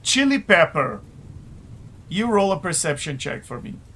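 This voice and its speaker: A man running a tabletop game as game master, with a fairly high voice and an unhurried delivery. He narrates haltingly and fills his pauses with filler sounds. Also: very animated, bright, forceful tone.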